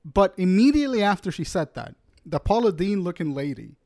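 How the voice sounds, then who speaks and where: A man casually telling a profane, animated story on a podcast chat. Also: sits high, brisk, gravelly, dry recording, clean studio sound.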